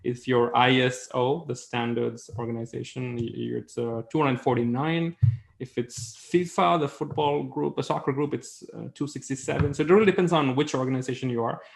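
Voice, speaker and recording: Gravelly man presenting a webinar. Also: medium pitch, fairly even intonation, moderate pace. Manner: conversational, with many fillers and rhetorical questions.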